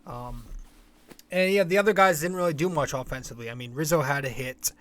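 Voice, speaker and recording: A man's voice: a little high, a little fast, fairly bright tone. A young man hosting a sports podcast, talking casually and bluntly, rambling and swearing freely. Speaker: podcast host.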